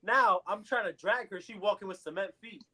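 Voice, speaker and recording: A young man telling a story in casual podcast chat, animated and acting out what others said. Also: high voice, normal speed, husky. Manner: animated storyteller, acts out quotes. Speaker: podcast co-host.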